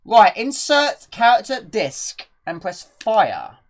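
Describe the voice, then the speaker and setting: A woman's voice: on the high side, very animated, slow pace. Breathless chatty woman streamer. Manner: chatty, rambling, reads chat questions aloud. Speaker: live streamer. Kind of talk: casual gameplay commentary.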